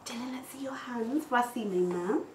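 A woman teaching French to nursery children, speaking in a slow, exaggerated, encouraging sing-song way in a classroom. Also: on the high side, a little mellow. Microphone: far camera. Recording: echoey classroom from far off, faint noise.

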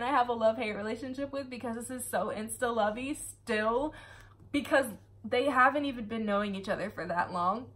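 A woman's voice: a little high, a bit bright. A woman reviewing a book in a casual, chatty way, full of sarcastic asides and laughter.

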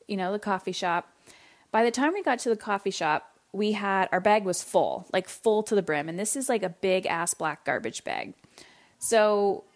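On her parenting podcast, a middle-aged Canadian woman shares a family story. Her pitch is medium, and she speaks casually and animatedly, imitating her kids and letting slip the occasional swear word.

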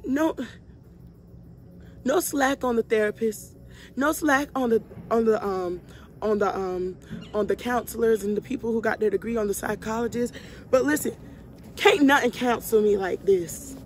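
A woman's voice: on the high side, normal speed, pauses often, a little hiss or hum. A young woman vlogger leading a Bible study, speaking emphatically and heartfelt, repeating lines for stress and calling her viewers y'all. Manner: addresses viewers directly as y'all. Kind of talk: casual preaching to viewers.

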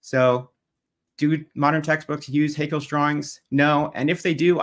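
A man's voice: on the high side, fairly bright tone. Methodical man debating over slides. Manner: methodical, pointed, occasionally mocking.

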